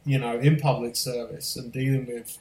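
A man's voice: mid-range voice, little pitch movement, normal speed, a little mellow. A man from the UK whose accent has drifted toward American, chatting casually and telling stories, often repeating his first words before a sentence gets going. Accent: mixed British and American. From United Kingdom. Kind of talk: casual chat.

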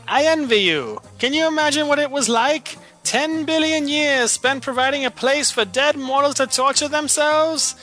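A man's voice: very high voice, sharp tone, full character voice. A man reading as a bitter, weary lord of hell. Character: scornful, weary male ruler of hell. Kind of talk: dramatic reading of a monologue.

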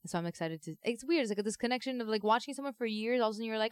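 A woman's voice: a little high, animated, rapid-fire, clear, resonant tone, no room sound. A woman co-hosting a podcast, chatting casually about movies, laughing easily and saying "like" a lot. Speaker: podcast co-host.

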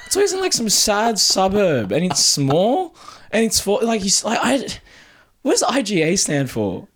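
A man's voice: high voice, normal speed. A young Australian man co-hosting a podcast, chatting casually with a friend, swearing freely and joking. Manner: swears freely, jokey and animated. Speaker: podcast co-host. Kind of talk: casual chat.

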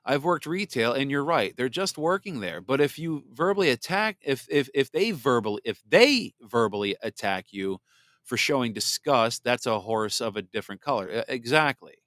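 A man hosting a political commentary podcast, blunt and sarcastic, reading viewer comments aloud and sometimes mocking others in a shrill put-on voice. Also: lively intonation, moderate pace, a bit bright, no room sound, studio quality. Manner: blunt and sarcastic, mocks voices in exaggerated falsetto. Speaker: podcast host.

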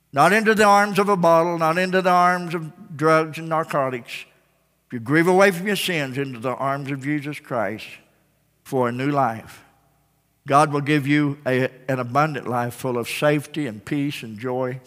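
A man preaching a revival sermon to a congregation, emphatic and repetitive, swinging from loud calls down to hushed endings. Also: a little high, moderate pace. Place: church sanctuary with congregation. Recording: long church-hall reverb.

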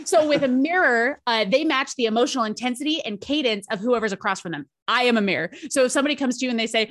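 A woman coach explaining her framework in a podcast interview, lively and dramatic. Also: fairly high pitch, fast talker, few pauses. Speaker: charisma coach.

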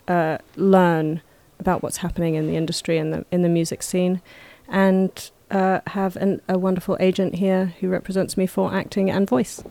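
A woman guest from Canada on a podcast who talks about her music and acting work, soft-spoken, playful and quick to giggle. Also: on the low side, dry recording. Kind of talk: casual chat.

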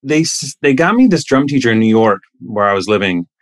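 A middle-aged man telling stories casually as a guest, animated, acting out the voices of the people he quotes with big jumps in pitch. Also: brisk, no echo. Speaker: actor guest. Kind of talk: casual anecdotal storytelling.

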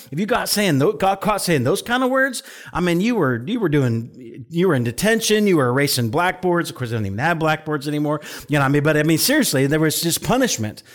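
A middle-aged man, a pastor, preaching in a chatty storytelling way, his voice jumping up for quoted outbursts and dropping soft and low on serious points. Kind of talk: conversational sermon.

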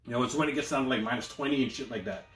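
A man's voice: mid-range voice, racing, reverberant. A Canadian man co-hosting a podcast, telling loose, profane stories full of slang in casual chat. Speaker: podcast co-host.

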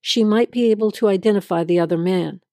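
A woman voicing a male police officer in an audio drama reading, calm and matter-of-fact. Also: mid-range voice, fast talker, no room sound, clean studio sound, close to an everyday voice.

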